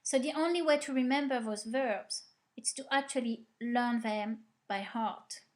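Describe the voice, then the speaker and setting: Female teacher, slightly high voice, slow and patient drills. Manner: repeats drills patiently, asks the class questions and praises. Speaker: language teacher. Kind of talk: slow, clear conjugation drill with explanations.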